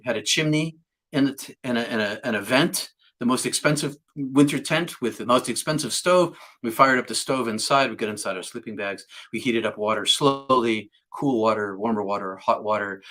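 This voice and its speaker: A man's voice: mid-range voice, fairly bright tone. A middle-aged man recounting a near-death experience in a vivid, repetitive way, restarting his sentences often. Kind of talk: personal storytelling.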